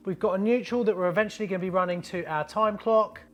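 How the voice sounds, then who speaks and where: A man's voice: high voice, fairly even intonation, fast talker. A man hosting a plumbing tutorial, talking in an upbeat, chatty, matey way while showing his work. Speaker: plumber host. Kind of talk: casual how-to tutorial.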